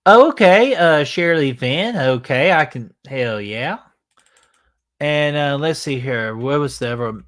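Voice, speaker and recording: Male stream host, bright and forceful tone, casual and profane, lots of fillers. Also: a little high, lively intonation, slow. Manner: loose, joking, swears freely, many fillers. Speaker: livestream host. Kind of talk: casual live-stream chat reading comments.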